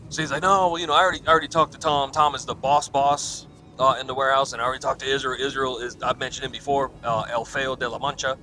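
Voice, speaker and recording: A man's voice: medium pitch, flat delivery, fast, bright, forceful tone, slight background noise. A man hosting a podcast, retelling a coworker's story in a casual, profane, laughing way with quoted back-and-forth. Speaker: podcast host.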